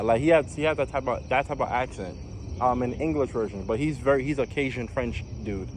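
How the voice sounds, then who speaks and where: A young New Yorker who was once a navy recruit tells his story in a casual vlog, speaking at normal speed with a medium-pitched voice. He rambles with lots of fillers and restarts, against a noisy background.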